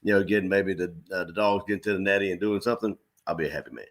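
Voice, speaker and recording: Deep-voiced fast-talking male co-host. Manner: relaxed, laughs easily, rambling fillers. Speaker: show co-host. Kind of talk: casual sports talk.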